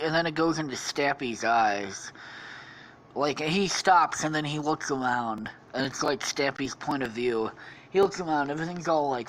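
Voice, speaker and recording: A man's voice: mid-range voice, fairly bright tone, a little hiss or hum. A man hosting a podcast, rambling through an improvised comedy story with lots of swearing and laughter. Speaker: podcast host.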